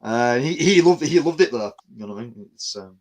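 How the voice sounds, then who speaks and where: A man's voice: mid-range voice, animated, a little fast, a little mellow. Rambling man chatting. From England. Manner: rambling, many restarts and "you know what I mean". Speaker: podcast host. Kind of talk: casual chat.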